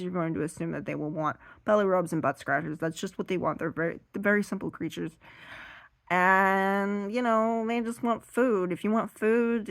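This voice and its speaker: This seated stand-up set features a woman with a lowish voice who rambles animatedly through her material. The sound is close and dry, with no room sound at all.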